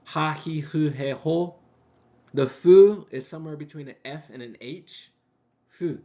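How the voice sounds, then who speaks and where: A man teaching a casual language lesson, with lots of ums, who slows down to sound things out. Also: a little high, darkish tone. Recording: dull lo-fi recording.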